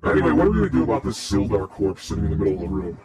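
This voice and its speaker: A man's voice: low voice, big pitch swings, very fast, over music. A man voicing a cocky male iron golem priest who brags about fighting and drinking and gets touchy about his catchphrases. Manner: swaggering, boastful, touchy.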